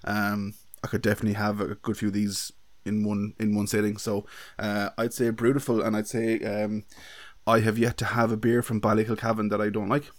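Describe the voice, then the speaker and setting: A man co-hosting a podcast, measured and steady in casual chat. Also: on the low side. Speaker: podcast co-host.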